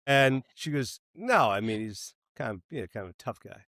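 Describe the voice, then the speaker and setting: A man telling a long comic story in a casual interview, animated and acting out the people he quotes, with some swearing. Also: medium pitch, moderate pace, dry recording, clean studio sound. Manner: animated, acts out quoted voices, swears freely. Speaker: filmmaker telling stories.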